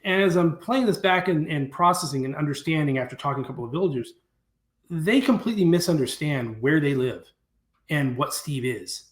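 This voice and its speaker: A man telling a story as a guest in an interview, animated and acting out what people said. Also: on the high side, fairly quick. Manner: animated storyteller who acts out quoted speech. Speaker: guest, dangerous game hunter. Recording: roomy echo.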